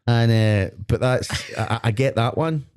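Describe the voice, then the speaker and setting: A man's voice: mid-range voice, normal speed, a little mellow. A Glaswegian man co-hosting a podcast, rambling and swearing playfully in casual chat in a studio. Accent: Glaswegian Scottish. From Scotland. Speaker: podcast co-host.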